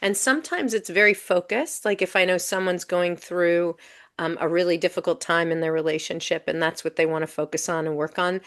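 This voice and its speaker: A woman guest in a podcast interview, telling stories in a casual, animated way with many "um"s and "you know"s. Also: on the low side, fairly quick. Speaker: guest coach.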